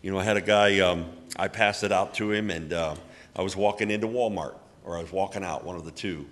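A man's voice: sits low, brisk, fairly bright tone. A man giving church announcements and a sermon, chatty and folksy. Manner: folksy, chatty, tells anecdotes with acted quotes. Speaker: literature ministry speaker. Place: church hall. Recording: long hall reverb.

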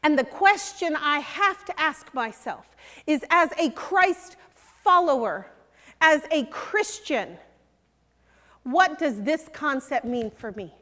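Older female preacher, slow and earnest, hushed on key points, in a big reverberant hall. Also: sits high, expressive. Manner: earnest and emphatic, dropping to a hush on key points. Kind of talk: sermon.

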